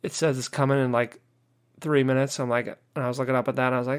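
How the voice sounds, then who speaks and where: A man's voice: mid-range voice, little pitch movement, quick pace, clear, resonant tone. An American man hosting a podcast, ranting casually with lots of swearing and "you know" fillers, sounding exasperated. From United States. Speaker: podcast host. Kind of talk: casual rant.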